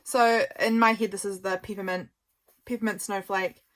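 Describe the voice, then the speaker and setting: A woman's voice: mid-range voice, fairly even intonation, moderate pace. A woman, a journal maker, chatting casually while showing her work, gushing and a little tired. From New Zealand. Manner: chatty, gushing, softly rambling. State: tired, yawning. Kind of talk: casual craft show-and-tell.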